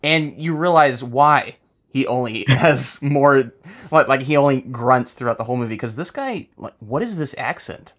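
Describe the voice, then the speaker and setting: Animated man joking about a movie. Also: mid-range voice, moderate pace. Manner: animated, joking, laughs mid-sentence. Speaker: podcast co-host. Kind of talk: casual film discussion.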